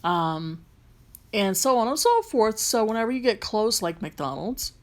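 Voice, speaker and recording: This woman speaks a little high in a sing-song, unhurried way, with a light Southern accent. She's a rideshare driver and vlogger walking through a phone tutorial casually, rambling along with lots of ums and restarts.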